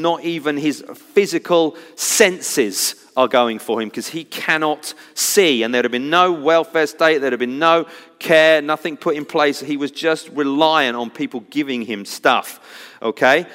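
A man preaching a sermon, swinging from loud cries to hushed, intense moments. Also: on the high side, in a large hall.

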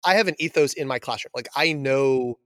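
A man's voice: medium pitch, brisk, a bit bright, no echo, studio quality. A man hosting a podcast and chatting casually with a fellow teacher, enthusiastic and rambling, with lots of "like". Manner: enthusiastic, uses "like" a lot, rambling. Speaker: podcast host, biology teacher. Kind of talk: casual interview chat.

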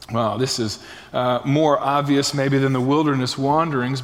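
A man preaching a sermon as pastor, emphatic and questioning his listeners. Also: on the high side. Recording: reverberant hall.

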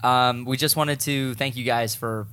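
A man co-hosting a casual group chat, talking excitedly and urging listeners. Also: medium pitch, unhurried, clear, resonant tone. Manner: excitable, pleading. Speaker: co-host.

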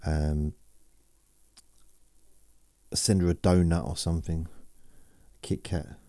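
A man hosts a sleep podcast in a deep voice, drifting from thought to thought and teasing himself. His tone is soft and mellow, and the sound is dry and close. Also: level tone, slow, no room sound. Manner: meandering, self-mocking, reads listener messages aloud. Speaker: podcast host. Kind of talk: rambling sleep podcast chat.

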